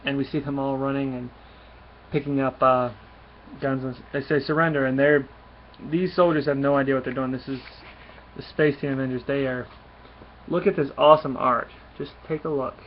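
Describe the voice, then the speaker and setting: A man's voice: medium pitch, fairly even intonation, moderate pace, slight background noise. A man giving a casual comic book review, enthusiastic and rambling with frequent restarts. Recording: dull lo-fi recording.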